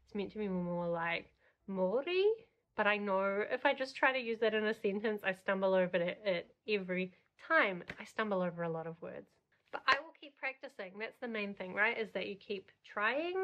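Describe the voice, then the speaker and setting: A woman chats casually to her camera about books. Her pitch sits in the middle range, and her delivery is friendly, rambling and self-deprecating, full of fillers. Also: brisk, muffled recording. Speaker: book vlogger. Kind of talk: casual reading vlog.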